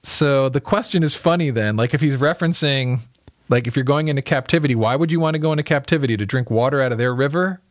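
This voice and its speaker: A man's voice: medium pitch, quick pace, dry recording, clean studio sound. A man, a pastor co-hosting a podcast, reading Bible verses aloud and asking questions about them in casual talk.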